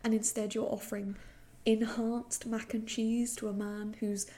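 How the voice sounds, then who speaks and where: A woman co-hosting a podcast, ranting with theatrical exaggeration and frequent swearing. Her voice sits fairly high. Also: level tone, a little slow, warm tone. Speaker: podcast co-host. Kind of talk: casual chat.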